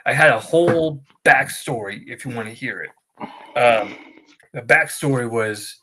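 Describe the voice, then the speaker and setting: A man co-hosting a wrestling recap show in loose, casual banter. His voice is bright and forward, and he rambles through joking stories at a medium pitch. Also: slight background noise. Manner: jokey, rambling storyteller. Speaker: wrestling podcast co-host. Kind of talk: casual chat.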